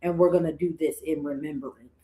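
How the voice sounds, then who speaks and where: A woman co-hosting a podcast, telling stories in casual chat with quick, emotional asides. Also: deep voice, steady tone, dark tone. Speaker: podcast co-host. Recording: echoey room.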